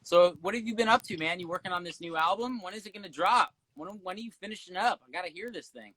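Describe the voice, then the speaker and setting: A man's voice: high-pitched, fast talker, sharp tone, dry recording, low-quality recording. A young man, a singer guesting on a phone livestream from home, joking and chatting with playful energy. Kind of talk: casual chat. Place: home, indoors.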